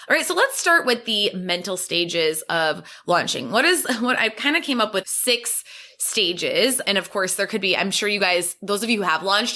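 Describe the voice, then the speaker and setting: A woman with a pushed, bright, mid-range voice hosts a solo business podcast as a business coach. Her talk is upbeat and encouraging, and she acts out the anxious inner voices of her clients.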